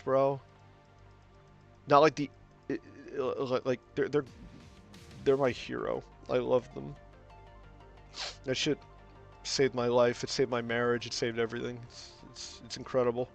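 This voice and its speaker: A young man streaming from home, talking casually and rambling through his stories with plenty of filler and profanity. His voice sits at a middle pitch, and faint music plays underneath. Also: moderate pace, creaky, long pauses. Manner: gets loud and animated when ranting. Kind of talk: casual stream chat while drawing.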